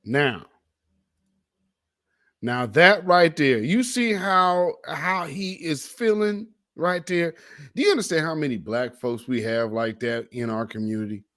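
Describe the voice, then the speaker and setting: Speaking at a measured pace in a slightly bright, high-leaning voice, a man hosts a commentary show and reacts to video clips. His manner is emphatic and preachy, and he draws out the words he stresses.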